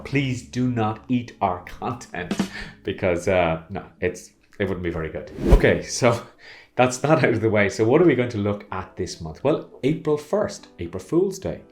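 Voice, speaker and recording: An Irish man hosting an upbeat marketing video, playful and animated with jokey asides. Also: on the low side. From Ireland. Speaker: host.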